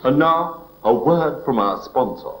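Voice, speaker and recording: A man's voice: medium pitch, animated, measured pace, slight background noise, poor audio. A man hosting a 1960s TV comedy show, telling jokes in a mock-formal manner.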